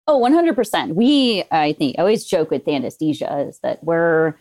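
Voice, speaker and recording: A woman's voice: low voice, lively intonation, moderate pace, a little mellow. A woman who is a veterinary anesthesia technician, a guest in casual podcast chat, friendly and matter-of-fact, laughing now and then.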